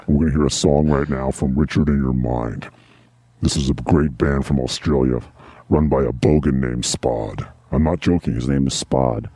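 A man's voice: extremely low pitch, mellow, husky, dry recording. A man hosting a podcast in casual, joking banter, rambling with playful asides. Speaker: podcast host.

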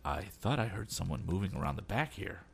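An eager young inventor with a brisk, raised, youthful voice that swings widely in a storybook as a man reads him out. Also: lowish voice, wildly swooping pitch, a bit bright, a little hiss or hum, pitched above the performer's own voice, exaggerated voice.

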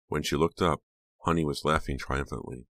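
A man reading a novel aloud as an audiobook narrator, in a steady, measured manner. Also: rumbling low, no room sound. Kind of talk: scripted narration.

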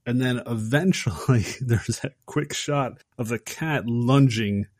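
A man casually recapping a horror film on a podcast, acting out the characters' lines with animated energy. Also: medium pitch, slow pace, no room sound, studio quality. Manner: animated storyteller acting out quotes. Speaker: podcast host.

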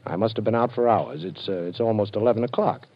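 An actor playing a cool, wisecracking male detective in a 1940s radio drama, wry and quick with a joke. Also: lowish voice. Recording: dull old radio recording.

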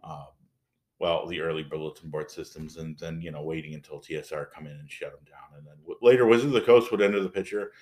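A man's voice: extremely low pitch, fairly even intonation, fast talker, darkish tone. A man co-hosting a podcast in casual chat, wry and rambling, trailing off at times. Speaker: podcast co-host.

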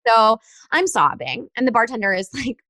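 A young woman spins a dating story in relaxed chat, and she acts out the lines of everyone in it. Her voice sits high and swings widely. The sound is dry and close. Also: moderate pace, no room sound. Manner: animated storyteller, acts out texts in quoted voices. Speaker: guest telling a dating story. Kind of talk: casual chat.

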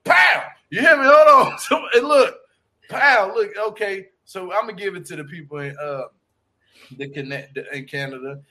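Bright, laughing man with a high voice. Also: fairly quick. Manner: loud, laughing, slangy, animated storytelling. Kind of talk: casual joking chat.

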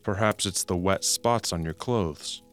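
An actor playing a police detective who questions a suspect with pointed, insinuating questions and dry irony in a true-crime reenactment. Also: male voice, low voice, unhurried, fairly bright tone, faint music behind. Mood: probing.

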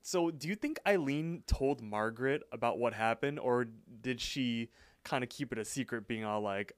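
A man co-hosting a podcast, casually recapping a cartoon episode in a relaxed, rambling way. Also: mid-range voice, moderate pace, no room sound. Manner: relaxed storytelling with frequent fillers and laughs. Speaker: podcast co-host.

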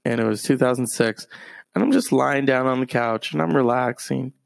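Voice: medium pitch, normal speed, creaky, dry recording. A streamer rambling through a profane, meandering story in a casual monologue.

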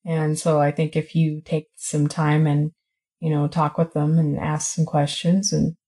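A woman's voice: low voice, completely flat delivery, a little slow, dark tone, slightly rough. A woman interviewer who sums up points in a reflective, conversational way.

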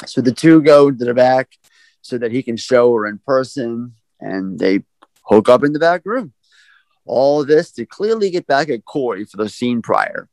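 A man's voice: mid-range voice, gravelly, darkish tone, no echo, rough recording. Podcast guy running thru a movie plot, swears a lot, dry sound. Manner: loose, profane plot summarizing. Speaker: podcast host. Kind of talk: casual film recap chat.

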